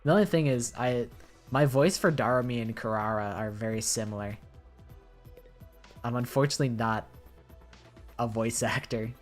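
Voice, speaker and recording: A woman's voice: rumbling low, normal speed, long pauses. A woman game streamer reading all the dialogue aloud, with wry joking asides. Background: game music.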